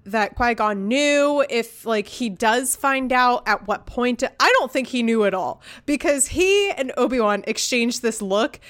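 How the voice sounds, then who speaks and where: Rambling, animated woman on a podcast. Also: a little high, unhurried, few pauses. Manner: rambling, animated, filler-heavy with frequent restarts. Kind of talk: casual podcast chat.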